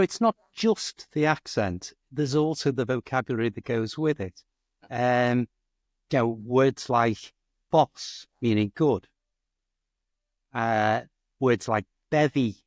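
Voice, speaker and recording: A man's voice: mid-range voice, animated, unhurried. A man with a Scouse accent explains his home city at an easy conversational pace. His voice sits in a middle register. The sound is close and dry, with no room echo. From Liverpool, England. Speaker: guest, English teacher. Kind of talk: casual chat.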